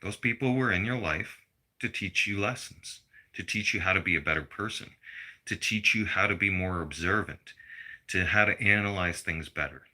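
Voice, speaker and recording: A middle-aged man vents to his viewers in a blunt, profane rant. His voice sits low yet cuts through with a sharp, very bright edge. He talks like he is lecturing, plain and unpolished. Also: moderate pace. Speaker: vlogger. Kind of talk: personal rant to camera.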